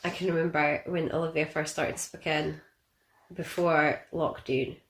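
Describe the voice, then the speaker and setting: A woman's voice: deep voice, measured pace, reverberant. A Scottish woman in her thirties, co-hosting a podcast and telling stories in casual chat. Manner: animated storyteller, laughs a lot. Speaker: podcast co-host.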